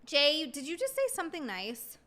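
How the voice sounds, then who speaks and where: A woman's voice: high voice, huge pitch swings, moderate pace, pushed and bright. A woman streamer chatting casually with her viewers while eating, often giggling. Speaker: live streamer. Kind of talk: casual live-stream chat.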